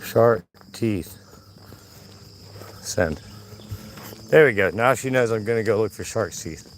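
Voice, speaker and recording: Hoarse man vlogging on a trail. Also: on the low side, expressive, slow, a little hiss or hum. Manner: chatty, talks to himself and viewers. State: hoarse from yelling. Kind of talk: casual live vlog while walking. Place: outdoor nature trail.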